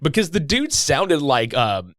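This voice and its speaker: Male podcast host, mid-pitch, lively and profane, dry close sound. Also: unhurried, dry recording. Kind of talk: casual podcast chat.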